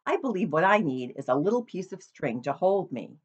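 A woman's voice: brisk, husky, lo-fi sound. A woman voicing an eager, boastful young male pig in a storybook reading. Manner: excited, eager, high-pitched.

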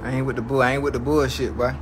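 A man's voice: mid-range voice, level tone, rapid-fire, music in the background. A man ranting to his livestream chat in a comedic, mock-outraged way, slangy and profane, repeating lines for effect.

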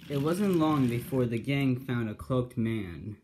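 A man narrating a homemade story in a plain, unhurried way. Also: mid-range voice, animated, a little mellow, a little hiss or hum.

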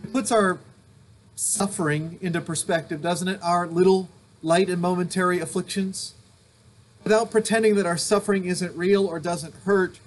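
A male pastor giving an earnest, emphatic sermon recorded at home, returning to repeated refrains. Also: high voice. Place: home during a thunderstorm.

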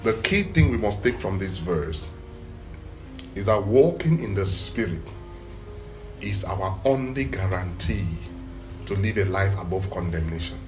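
Animated, emphatic male preacher. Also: unhurried, long pauses, over music. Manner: animated, emphatic preaching that swells in pitch and volume; repeats short phrases for emphasis. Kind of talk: sermon.

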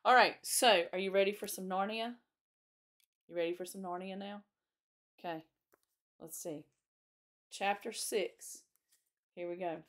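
A woman, a children's chapel teacher, reading a storybook aloud in a gentle, clear way. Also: mid-range voice, fairly even intonation, measured pace, pauses often.

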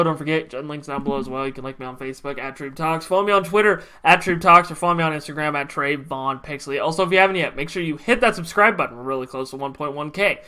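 A man's voice: fairly high pitch, pushed and bright. A young man ranting with heavy profanity in a sports recap vlog. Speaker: sports vlogger.

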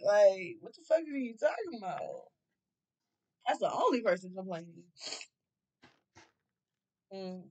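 A woman's voice: medium pitch, big pitch swings, measured pace, long pauses, a little mellow, low-quality recording. A young woman doing a casual tarot reading, loose and profane, laughing often. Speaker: tarot reader.

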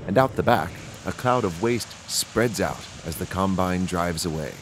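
A man's voice: low voice, animated, moderate pace, noisy background. A man narrating a children's video, pointing things out to young viewers in a sing-song way.

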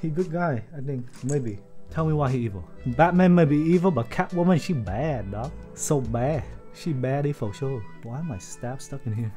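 Excitable, foul-mouthed man streaming a build. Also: medium pitch, moderate pace, faint music behind. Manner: excitable, profane, joking, talks to chat. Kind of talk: casual livestream commentary while building.

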